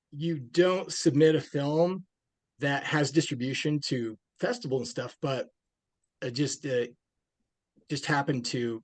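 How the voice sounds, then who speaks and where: A man's voice: a little high, darkish tone, dry recording. A man, a film director being interviewed, talking casually and rambling with many restarts and fillers.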